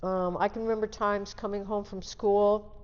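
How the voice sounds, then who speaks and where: A woman's voice: mid-range voice, level tone, moderate pace. A woman in her sixties from the Seattle area, telling her life story as an interview guest in a candid, plain-spoken way. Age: 60s. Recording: dull, lo-fi sound with long reverb.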